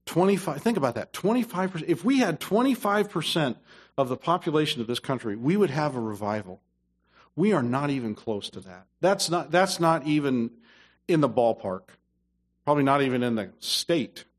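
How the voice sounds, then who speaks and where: A man preaches a sermon from the pulpit. His voice sits a little high for a man. He drops into low, quick asides, then climbs to loud, emphatic stretches of scripture. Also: lively intonation. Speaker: pastor.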